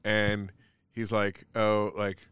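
A man's voice: lowish voice, completely flat delivery, slow pace, a bit bright, smooth, no room sound. A man in casual chat, telling a long story in a rambling way, full of "like" and swearing.

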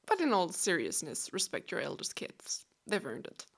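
A woman in her twenties with a Danish accent, hosting a relaxed solo podcast in a chatty, playful, self-deprecating way; English is not her first language. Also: medium pitch, unhurried, vocal fry, husky. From Denmark. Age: 20s. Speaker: podcast host.

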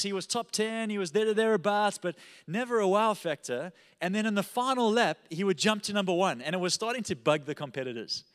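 A male pastor preaching a sermon, telling a story with animated energy and often checking in with "all right?". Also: high voice, in a large hall.

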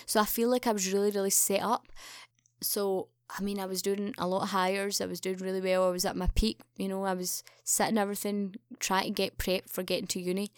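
A young woman tells a story in a lively, animated way, jumping into other people's voices for the quoted lines. Her voice sits at an ordinary middle pitch. The sound is dry and close, with hardly any room behind it. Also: a little fast, clear, resonant tone, dry recording. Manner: animated, acts out quoted dialogue with raised pitch. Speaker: podcast guest. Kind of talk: casual storytelling chat.

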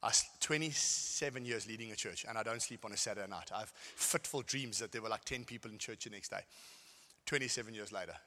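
A middle-aged man preaching a sermon, telling stories and swinging between shouted lines and quiet asides. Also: on the low side, quick pace. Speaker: pastor. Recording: hall with long reverb.

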